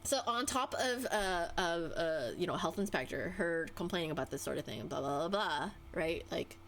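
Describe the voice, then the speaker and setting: A woman's voice: expressive, normal speed, fairly bright tone, a little hiss or hum. A young adult woman streamer ranting casually, exasperated, her voice swinging up and down as she vents. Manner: exasperated, venting, with wide pitch swings.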